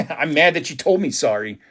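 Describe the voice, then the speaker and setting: A man hosting a live trading card break, talking excitedly and casually to his viewers. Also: on the high side, moderate pace, breathy edge. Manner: excitable, hyped, chatty with viewers.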